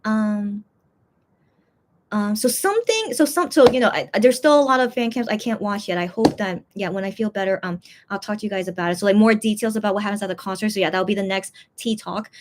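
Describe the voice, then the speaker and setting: A woman's voice: medium pitch, brisk, noisy background. A woman hosting her own channel, chatting casually to viewers in a rambling way, full of fillers and restarts. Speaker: fan vlogger, channel host.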